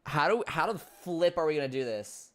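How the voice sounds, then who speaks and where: A man's voice: fairly high pitch, animated, moderate pace, a bit bright, no room sound. A young man streaming a mystery game, chatting in a rambling, stammering, self-deprecating way between voiced lines. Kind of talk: casual gameplay commentary and voice acting.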